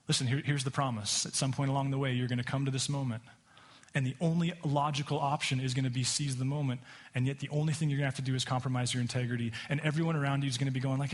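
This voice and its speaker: A man's voice: medium pitch, fast. A male pastor preaching a sermon, telling a story and acting out the voices of its people.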